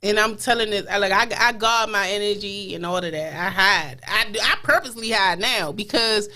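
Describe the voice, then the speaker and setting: Bright-voiced woman hosting a chat show. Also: medium pitch, fairly quick. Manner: emphatic, repeats phrases for emphasis. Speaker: show host. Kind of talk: casual inspirational chat.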